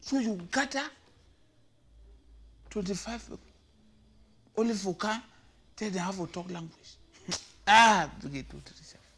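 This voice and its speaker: A man with a Cameroonian Pidgin accent giving comic commentary, animated and switching between languages, sometimes shouting. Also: high-pitched, a little slow, long pauses. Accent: Cameroonian Pidgin English. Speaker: comedy commentator.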